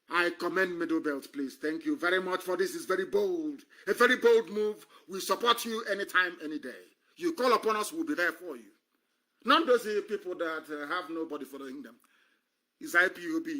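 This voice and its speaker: This Nigerian man's voice is high-pitched, bright and forceful as he delivers an impassioned political monologue on a live stream. His tone is scornful and emphatic, and he repeats phrases for effect.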